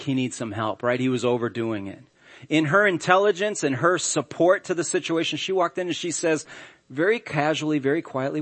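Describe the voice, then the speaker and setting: A man's voice: on the high side, fairly bright tone. A middle-aged man, a pastor, preaching a sermon in a church in a conversational, humorous storytelling way. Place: church sanctuary.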